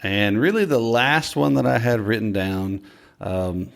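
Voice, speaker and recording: A man's voice: on the low side, unhurried, creaky. A man in his forties, a podcast guest in casual chat, playful and jokey, rambling with fillers. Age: 40s.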